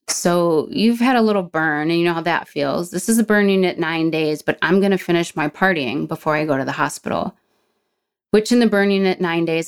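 A woman in her forties with a fairly low, smooth voice shares her recovery story as a guest. She's frank and blunt about her own experiences, swearing freely and laughing at herself.

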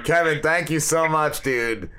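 A man's voice: fairly high pitch, measured pace, background noise. A young adult man hosting a comedy podcast, casual, jokey and laid-back. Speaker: podcast host.

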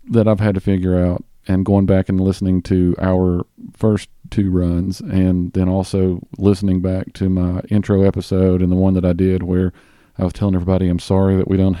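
A man with a Southern US accent hosting a podcast in casual chat, rambling with fillers and restarts and talking a bit fast. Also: deep voice, mellow, smooth, dry recording, studio quality. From Southern US (Tennessee). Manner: talks a bit fast on mic. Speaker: podcast host.

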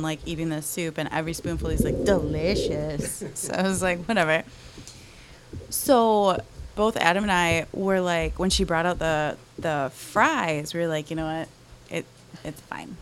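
A woman telling a long casual story in a chatty, animated way with quick asides. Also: low-pitched, slight background noise.

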